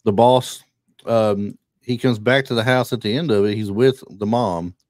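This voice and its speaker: A man hosts a laid-back podcast, talking in an easygoing, hesitant way. His voice sits low. The mic is close and dry. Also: normal speed, a little mellow, no room sound. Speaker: podcast host. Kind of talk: casual podcast chat.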